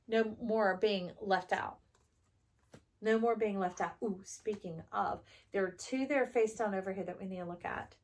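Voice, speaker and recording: A woman casually giving a spiritual tarot reading to her viewers, chatty and upbeat, now and then jumping into excited high bursts. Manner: animated, spiritual, chatty, jumps into excited highs. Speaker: tarot reader.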